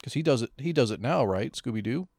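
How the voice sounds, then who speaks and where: A man's voice: medium pitch, animated, quick pace, a little mellow, no echo, clean studio sound. A man co-hosting a casual movie commentary, laid-back, giving short replies and swearing casually. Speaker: co-host of a movie commentary podcast.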